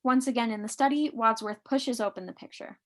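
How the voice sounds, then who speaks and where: Woman briskly reading stage directions. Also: fairly high pitch. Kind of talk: live script reading.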